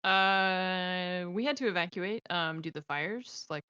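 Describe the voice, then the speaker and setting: A woman streamer chatting as an interview guest, telling stories in a loose, animated way. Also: lowish voice, a little slow, clear, resonant tone, no room sound, lo-fi sound. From Southern California. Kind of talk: casual interview chat.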